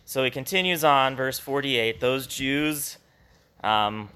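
A man leads a congregation through a Bible passage at an unhurried, deliberate pace. His tone is bright and a little taut. He talks in a loose, conversational way, often restarting his sentences, and adds small chuckles as he goes. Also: mid-range voice, smooth. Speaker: pastor. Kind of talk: informal Bible teaching to a congregation.

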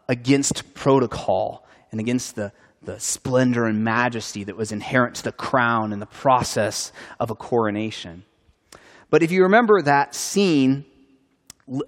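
A man's voice: mid-range voice, in a large hall. A man preaching a sermon in an earnest, conversational way, with a few restarts, in a church sanctuary. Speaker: pastor.

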